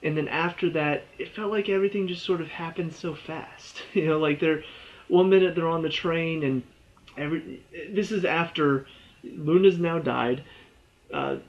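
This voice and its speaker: A man's voice: a little high, expressive, normal speed, muffled recording. Rambling man reviewing a game. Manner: rambling, exasperated, with many "you know" and "all of a sudden". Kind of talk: casual spoken review.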